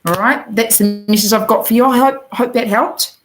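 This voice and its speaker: A woman with a New Zealand accent giving a gentle, encouraging oracle card reading to viewers, talking directly to them with plenty of ums. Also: fairly high pitch, normal speed, music in the background, poor audio.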